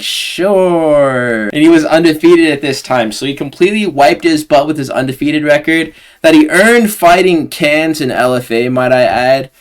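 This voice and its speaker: A man breaks down upcoming fights in a loose, casual monologue. His voice sits at an average pitch, and he jokes and uses crude slang as he goes. It sounds like a solo home recording. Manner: joking, slangy, crude humor. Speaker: host of a fight predictions channel. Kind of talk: casual fight-prediction commentary.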